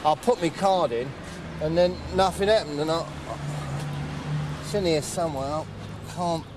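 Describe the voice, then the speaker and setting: A man's voice: fairly high pitch, normal speed, very noisy, natural voice. A man doing a rambling name-dropping star. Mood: boastful. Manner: rambling, chatty, keeps saying "right?". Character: boastful, dim name-dropping male celebrity. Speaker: comedian in character. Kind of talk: comic monologue.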